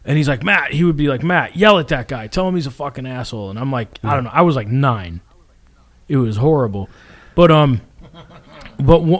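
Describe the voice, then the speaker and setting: Swearing man telling a rambling story. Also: a little high. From Florida. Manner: swears a lot, animated, acts out quotes with shouts. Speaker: podcast co-host. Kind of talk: casual storytelling.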